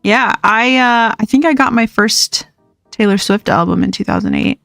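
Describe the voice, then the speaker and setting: A woman's voice: a little high, normal speed, creaky, fairly bright tone, dry recording, clean studio sound, soft background music. A young woman hosting a livestream, chatting casually and rambling with frequent laughs while she plays. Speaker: livestream host. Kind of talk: casual chat while gaming.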